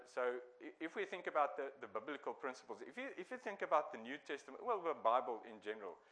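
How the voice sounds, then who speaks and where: A man preaching a sermon to his church in a relaxed, conversational way with frequent restarts. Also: mid-range voice, poor audio. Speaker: pastor.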